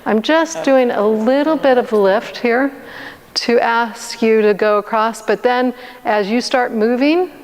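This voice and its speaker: Female dance instructor, unhurried coaching of the count, reverberant room. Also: on the high side. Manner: counting beats aloud, patient step-by-step coaching. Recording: long reverb, faint noise.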